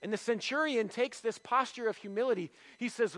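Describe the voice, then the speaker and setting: High-voiced pastor preaching conversationally. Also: male voice, a little fast, few pauses, fairly bright tone, low-quality recording. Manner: conversational preaching with rhetorical questions and self-deprecating humor. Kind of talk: sermon. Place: church.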